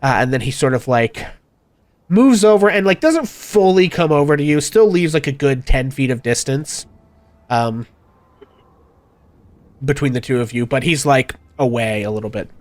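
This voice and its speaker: A man's voice: medium pitch, animated, normal speed, long pauses, no echo. Hesitant man narrating as game master. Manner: hesitant, many fillers.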